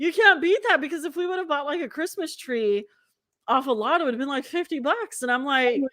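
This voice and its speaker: A woman in her forties hosting a casual chat, telling a story in an animated, profane way. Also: sits high, brisk, no room sound, studio quality. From Southern California. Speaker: podcast host.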